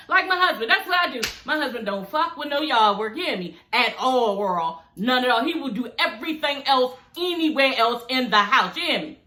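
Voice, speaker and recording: A woman's voice: high-pitched, pushed and bright, echoey room. A woman giving casual, sassy, profane reaction commentary on a reality show, talking straight to her viewers. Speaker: vlogger reviewing a reality show.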